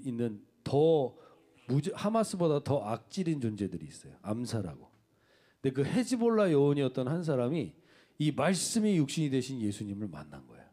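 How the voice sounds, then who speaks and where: A male pastor closing his sermon, talking fast with halting restarts as he introduces a video. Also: mid-range voice. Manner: rapid, lively, halting restarts.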